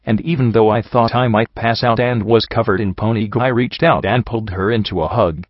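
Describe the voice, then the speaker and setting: A man reading a first-person story aloud in a steady, grim way. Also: on the low side, brisk, no room sound. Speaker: audiobook reader. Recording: dull lo-fi recording.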